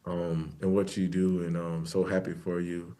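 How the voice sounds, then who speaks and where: A man in his thirties, a football player giving a casual interview in a soft-spoken, laid-back way with many fillers. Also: low-pitched, little pitch movement, normal speed.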